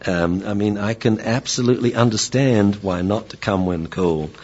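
A man's voice: fairly low pitch, normal speed, dull audio. A man lecturing as a dog trainer in a chatty, playful way, with many fillers. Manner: animated, chatty, playful, many fillers, laughs, mimics voices. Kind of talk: informal lecture.

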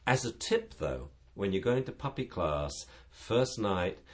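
A man's voice: fairly low pitch, big pitch swings, unhurried. A man who trains dogs, chatting on a talk show and acting out dogs and owners in funny voices. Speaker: dog trainer and show guest expert. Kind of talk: casual radio chat.

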